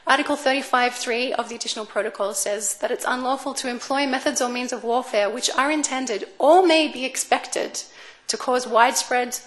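A woman giving an academic talk in a lecture room, measured and careful with some fillers and restarts. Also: on the high side, fairly bright tone. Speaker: speaker on space law.

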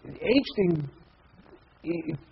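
A man's voice: a little high, lively intonation, very slow, creaky, muffled recording, slight background noise. A man in his fifties, a guest in a casual interview, talking in a rambling way with many restarts and repeated words. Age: 50s. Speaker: guest, comedy festival head.

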